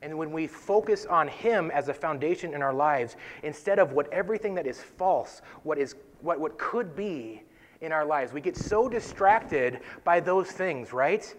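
A man's voice: expressive, a little slow. Earnest man teaching scripture casually. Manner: conversational, tags points with "right?"; earnest, drops to soft low emphasis.

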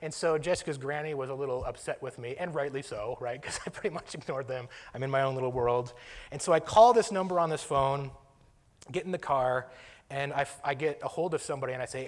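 A man's voice: mid-range voice, fast talker, in a large hall. A man casually telling a personal story, self-deprecating, chuckling and restarting his sentences.

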